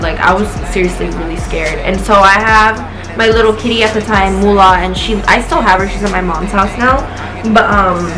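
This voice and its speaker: A tipsy, high young woman vlogger rambles loosely through a chatty storytime, swearing a lot. Her voice sits at medium pitch, and the low-quality recording has music playing behind her.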